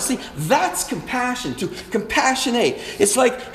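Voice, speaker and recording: A male pastor preaches in a loose, conversational sermon style, slipping into quick acted-out chats between neighbors. His voice sits high for a man. The sound rings with a long reverb, as in a large church hall. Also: very animated, a bit bright.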